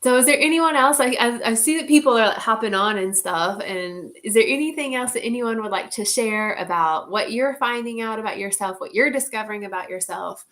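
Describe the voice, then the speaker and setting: A woman's voice: fairly high pitch, a little fast, hardly any pauses, fairly bright tone. Candid woman chatting on a video call. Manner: candid and heartfelt, with frequent "like" and some swearing. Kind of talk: casual sharing in an online group.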